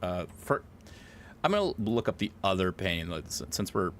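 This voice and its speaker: A man streaming live, chatting casually in an excitable, rambling way and swearing a lot. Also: low voice, moderate pace, slight background noise.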